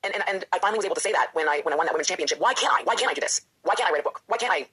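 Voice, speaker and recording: A woman's voice: on the low side, animated, very fast, pushed and bright, slightly rough. A woman, a professional wrestler and author, talking candidly and with feeling in an interview, often acting out her own inner voice.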